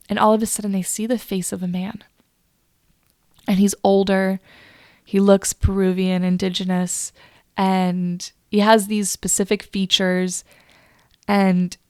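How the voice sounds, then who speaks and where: A woman hosting a solo podcast, telling a personal story in a confiding, emotional way, often halting and restarting. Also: mid-range voice, gravelly, no echo, studio quality. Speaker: podcast host.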